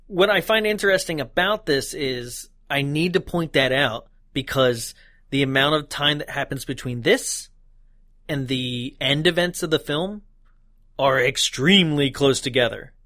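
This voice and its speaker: A man's voice: mid-range voice, a little slow, pushed and bright, no room sound, clean studio sound. A man co-hosting a casual podcast, laughing often and chatting loosely. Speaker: podcast co-host.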